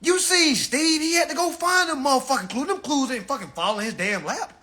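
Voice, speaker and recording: A man in his thirties hosting a live stream, ranting to his audience in a profane, preachy and animated way. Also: extremely high pitch, brisk. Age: 30s. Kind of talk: casual rant on a live stream.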